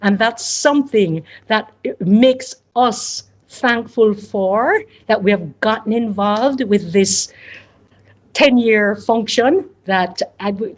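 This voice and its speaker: A woman giving an informal, chatty thank-you speech, joking at her own expense. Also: mid-range voice. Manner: chatty, self-deprecating, thankful. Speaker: guest speaker.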